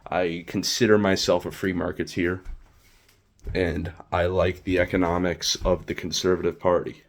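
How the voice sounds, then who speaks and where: A man's voice: deep voice, level tone, moderate pace. A man giving a casual, opinionated political monologue. He rambles and corrects himself as he goes. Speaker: political commentator vlogger.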